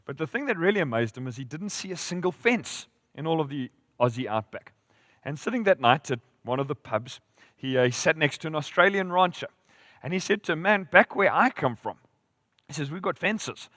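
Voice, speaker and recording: A man preaching a sermon as pastor, telling stories with lively rises and drops in volume. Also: a little high, brisk, no room sound, clean studio sound, big-room sound. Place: church hall.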